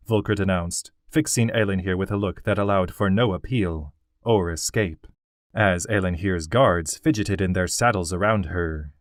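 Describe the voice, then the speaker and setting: A man narrating a fantasy audiobook in a steady, even delivery. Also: sits low, moderate pace, dry recording, clean studio sound.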